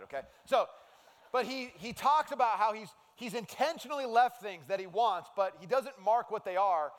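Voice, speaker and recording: A man preaching a sermon as a pastor, in an animated, conversational way. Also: on the high side. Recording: long hall reverb.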